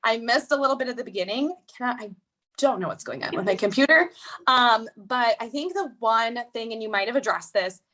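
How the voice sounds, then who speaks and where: A woman hosting a casual live stream, her voice bright and a touch high. She speaks enthusiastically and encouragingly, with plenty of "like"s. Her voice comes through a video-call mic. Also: expressive, fairly quick. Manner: enthusiastic, encouraging, many likes. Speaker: host, coach.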